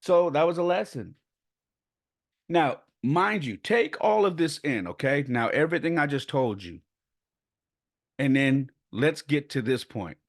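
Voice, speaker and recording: A man's voice: medium pitch, big pitch swings, a little slow, no echo, studio quality. A man from San Jose hosting a podcast and telling family stories in a casual, rambling way from his bedroom at home. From San Jose, California. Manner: rambling, conversational, with restarts and laughs. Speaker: podcast host. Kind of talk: casual storytelling monologue. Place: bedroom at home, child sleeping nearby.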